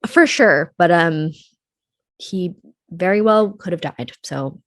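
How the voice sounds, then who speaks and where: Young woman podcast host, lowish voice, casual true crime narration, swears, mutters off at the ends of thoughts, dry close mic. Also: expressive, slow pace, no room sound.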